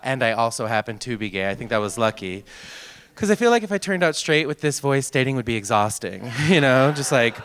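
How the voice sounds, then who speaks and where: A man's voice: mid-range voice, a bit bright. A man in his thirties with a sing-song voice doing a stand-up comedy set on a theater stage, into a handheld mic. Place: theater stage with live audience.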